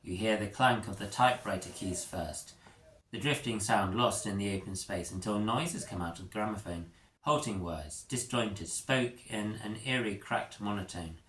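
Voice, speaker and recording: A man reading an interactive story aloud, expressive and doing character voices. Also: lowish voice, normal speed. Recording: echoey room with faint noise.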